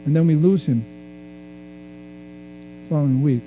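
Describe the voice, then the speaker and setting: A man from Hawaii giving a talk, telling a personal story in a reflective, halting way with many restarts. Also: fairly high pitch, narrow, tinny audio, a little hiss or hum. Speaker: speaker. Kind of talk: storytelling lecture.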